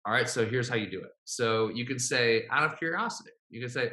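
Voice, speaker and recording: Upbeat man coaching in a bright, echoey room. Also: mid-range voice, lively intonation, fairly quick. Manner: upbeat, often asks "right?" to check in. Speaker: sales coach. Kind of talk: teaching a sales script.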